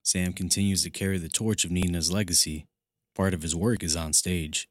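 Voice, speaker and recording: A male radio news reporter delivers a scripted story in a measured, even way. His voice sits very low. The sound is dry and close. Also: no echo.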